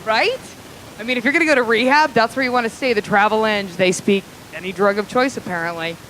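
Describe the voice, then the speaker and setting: A woman's voice: on the high side, quick pace, a bit bright, slight background noise, rough recording. A woman stand-up comedian telling crude, rambling stories with lots of fillers, recorded live in a small comedy club.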